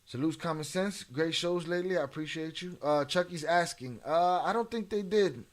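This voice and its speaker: A man's voice: fairly high pitch, moderate pace. A man hosting a casual live stream, reading out names from his chat and rambling between clips. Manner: loose, rambling, greets chat by name. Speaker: streamer reacting to an interview.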